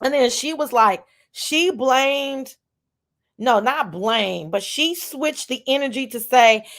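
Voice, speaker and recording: Animated, profane woman chatting. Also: sits high, slow. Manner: loud, profane and animated, acts out quoted voices. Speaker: host. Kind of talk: casual chat.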